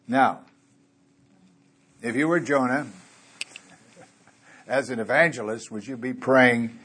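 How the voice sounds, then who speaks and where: A man's voice: mid-range voice, takes it slowly, a bit bright, a little hiss or hum. A man preaching a conversational sermon in a church, asking his listeners rhetorical questions and chuckling now and then.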